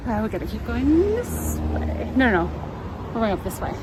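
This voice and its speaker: A young travel vlogger from California walks down a town street on a live stream, speaking in a slightly high, sing-song voice at a moderate pace. She chats, tells stories, laughs often and reads out the chat, with traffic and street noise around her.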